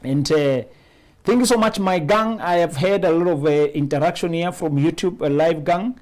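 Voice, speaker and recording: A man's voice: fairly high pitch, moderate pace, a little mellow. A man hosts a live-streamed interview chat. He backs his guest with short affirmations and greets viewers by name. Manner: affirming listener, reads viewer comments aloud. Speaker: host.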